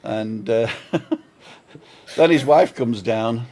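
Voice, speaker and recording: Older man, chatty vlog co-host, storytelling with chuckles, mid pitch. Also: very slow, dark tone. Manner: rambling storyteller, chuckling, self-mocking. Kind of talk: casual chat on a live stream. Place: home balcony.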